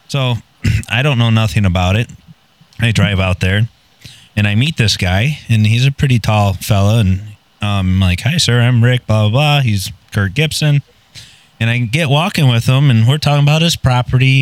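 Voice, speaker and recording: A man's voice: medium pitch, no echo. Guy telling a story on a podcast, swears a lot, no filter, dry close mic. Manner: blunt, profane, self-mocking. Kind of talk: casual storytelling.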